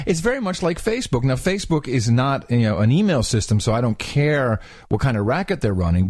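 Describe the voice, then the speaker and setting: A man co-hosting a podcast in casual chat, animated and laughing often as he reads aloud. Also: mid-range voice, no room sound, studio quality. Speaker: podcast co-host.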